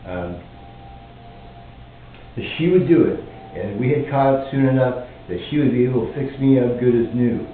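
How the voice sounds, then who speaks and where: A man casually tells a personal story to a camera, pausing often with fillers and restarts. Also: mid-range voice. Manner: halting, many fillers and restarts. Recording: echoey, distant, phone-like lo-fi with faint noise.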